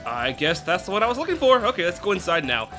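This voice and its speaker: Bright, rambling young gaming host. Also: male voice, high voice, very animated, fast talker, soft background music. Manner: rambling, self-interrupting, giggly asides. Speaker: let's play host. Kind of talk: gameplay commentary.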